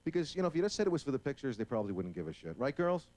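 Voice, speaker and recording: A man's voice: medium pitch, big pitch swings, very fast, a little mellow. A male stand-up comedian on stage before a live audience, talking brashly and profanely and acting out voices. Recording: hissy old VHS tape recording.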